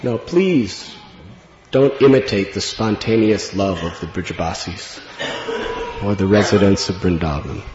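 A man telling a devotional story in an earnest, reflective way, laughing gently at times. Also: low-pitched, a little slow. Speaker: spiritual speaker. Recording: dull lo-fi recording in an echoey hall with long reverb.

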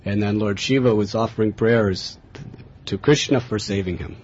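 A man recounts a personal spiritual journey in an earnest, storytelling way, with bursts of liveliness. His voice sits a little low. The recording is dull and lo-fi, with a faint hiss underneath. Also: normal speed. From America. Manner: earnest, animated in tellings, chuckling.

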